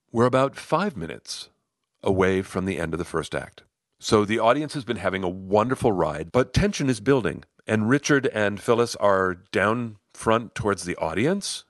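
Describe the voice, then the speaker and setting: Middle-aged guy telling a story, lowish voice, really dry close sound. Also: dry recording. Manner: animated, acts out other people's lines. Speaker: host, storyteller. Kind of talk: personal story told to listeners.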